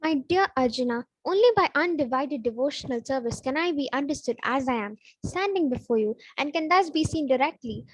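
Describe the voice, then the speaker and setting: Woman reading scripture, high and dry. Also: expressive, dry recording, rough recording. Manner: measured, formal reading. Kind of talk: reading scripture translation aloud.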